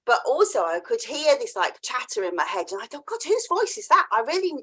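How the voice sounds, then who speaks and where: A woman's voice: on the high side, sing-song, fairly quick, a bit bright, husky. A woman hosting a podcast interview, chatting casually and telling a story, acting out the voices she quotes and laughing often. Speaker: podcast host.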